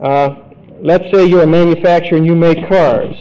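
A man teaching a Bible study lecture, deliberate and emphatic, spelling out Greek words. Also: on the high side, steady tone, dark tone, smooth. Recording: dull lo-fi recording.

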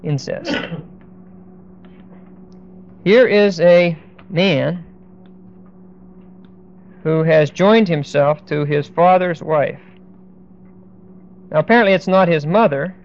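A man teaching a verse-by-verse Bible lesson, speaking deliberately and with emphasis, stopping now and then to look up verses. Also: a little high. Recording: dull lo-fi recording.

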